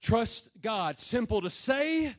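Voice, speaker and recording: A man preaching a sermon, dropping low and slow, then building to loud, shouted emphasis. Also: lively intonation. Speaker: pastor.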